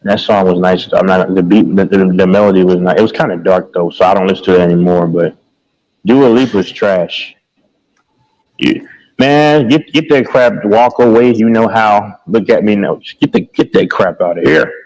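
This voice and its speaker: A man's voice: deep voice, normal speed, a little mellow, poor audio. A man in casual chat about music, rambling, repeating himself and hunting for names.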